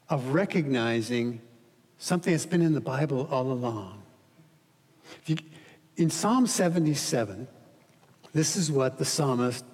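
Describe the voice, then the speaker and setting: A man preaching as pastor, earnest, dropping quiet for scripture reading and rising to emphatic pleading. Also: mid-range voice, long reverb tail. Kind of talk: sermon.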